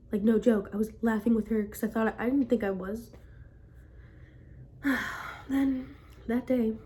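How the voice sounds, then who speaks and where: A young woman telling a personal story in a relaxed vlog. She rambles, restarts, and leans on "like" in almost every line. Her voice sits slightly high. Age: young adult. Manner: rambling, packed with "like" fillers. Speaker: vlogger.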